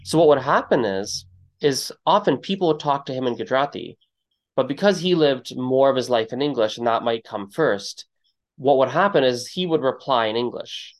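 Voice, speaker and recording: A man hosting a podcast interview in a relaxed conversational way, telling stories and acting out what people said with sudden jumps in his voice. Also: moderate pace. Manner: storytelling, acts out quotes with big pitch jumps. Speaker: podcast host.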